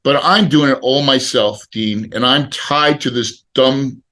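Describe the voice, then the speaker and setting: A middle-aged man on a podcast, telling a personal story in a casual, animated way and acting out the people he quotes. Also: mid-range voice, a little slow. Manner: animated, acts out quoted dialogue. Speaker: podcast guest.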